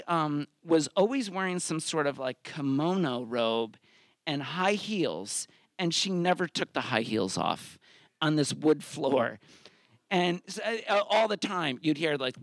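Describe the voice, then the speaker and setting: A middle-aged man telling a personal story live on a theater stage, animated and acting out his own thoughts in quotes. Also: fairly high pitch, dry recording, clean studio sound.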